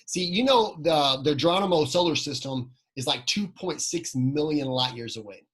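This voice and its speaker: A man with a slightly high, husky voice delivers a motivational training talk. He tells personal stories, asks the audience questions and repeats his key lines for emphasis. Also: expressive, normal speed, a bit bright, poor audio. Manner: storytelling with rhetorical questions and repeated phrases.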